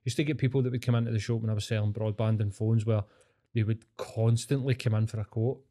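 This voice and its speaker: A man's voice: lowish voice, steady tone, fast, dark tone. A man with a Scottish accent chatting casually and swearing freely, telling long rambling stories. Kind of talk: casual chat.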